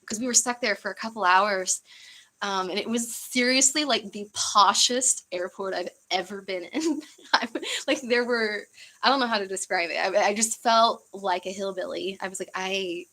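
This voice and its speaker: A woman's voice: medium pitch, normal speed, sharp tone, rough recording. A young woman from the United States chatting casually on a livestream, rambling with fillers and easy laughs. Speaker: livestream host.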